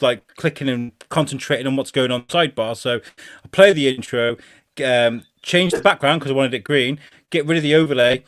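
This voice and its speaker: A man's voice: medium pitch, no echo. A man from Shrewsbury hosting a casual podcast, swearing and laughing at his own slip-ups. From Shrewsbury, England. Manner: sweary, laughing, self-mocking. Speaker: host.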